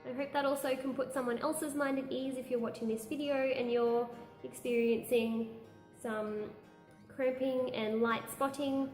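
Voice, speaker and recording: A woman's voice: high voice, steady tone, measured pace, darkish tone, echoey room, soft background music. A young woman, chatting candidly through a pregnancy update vlog and laughing now and then. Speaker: vlogger. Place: room at home.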